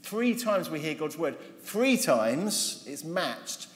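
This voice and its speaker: A man teaching a Bible seminar, telling the story with lively irony and humour and acting out the characters. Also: fairly high pitch, slow pace. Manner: lively, humorous, ironic storytelling, acting out voices. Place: large convention hall. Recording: roomy hall reverb, faint noise.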